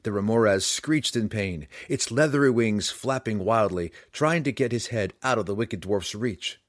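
A man narrating a fantasy adventure audiobook in an expressive, dramatic storytelling manner. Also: fairly low pitch, moderate pace, no room sound, studio quality.

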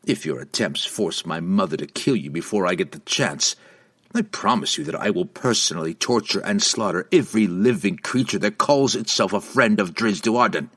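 A man doing a deep, menacing drow warrior. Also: lively intonation, moderate pace, fairly bright tone, husky, full character voice. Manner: cold, threatening. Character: menacing male drow weapons master.

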